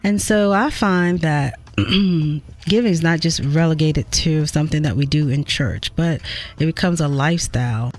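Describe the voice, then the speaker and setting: A talk show guest speaking firmly and deliberately about Christian faith and giving. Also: mid-range voice. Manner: slow, deliberate, firm about beliefs.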